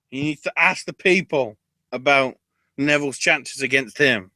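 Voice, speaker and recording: A man co-hosting a casual wrestling recap podcast, excitable and profane, often laughing. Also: mid-range voice, moderate pace, no echo. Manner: excitable, profane, breaks into laughter and mock voices. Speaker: podcast co-host.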